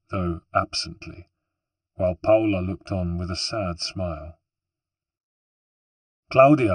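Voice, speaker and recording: Deep husky male audiobook narrator. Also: no room sound. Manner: steady, even storytelling. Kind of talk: scripted narration.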